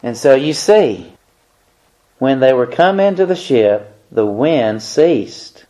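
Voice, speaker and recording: A man preaching a sermon, reading Bible passages aloud and explaining them in a deliberate manner. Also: medium pitch, expressive, dark tone.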